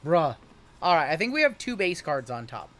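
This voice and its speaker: A high, bright-voiced man runs a livestream card break, calling out every pull as it comes. He keeps the patter jokey and upbeat between cards. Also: very animated, moderate pace. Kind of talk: livestream card-opening commentary.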